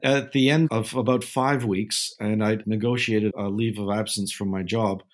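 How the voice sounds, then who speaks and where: Older guy, lowish voice, unhurried storyteller, lots of uhs. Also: fairly even intonation. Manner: measured anecdotal delivery with frequent "uh" fillers. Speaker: guest historical film advisor. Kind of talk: casual storytelling interview.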